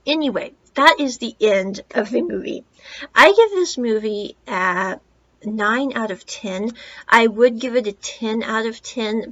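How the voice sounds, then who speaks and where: A woman's voice: medium pitch, a bit bright, dull audio. A woman in her thirties hosting a podcast, giving a rambling casual movie review with asides and retold dialogue. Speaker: podcast host reviewing a film.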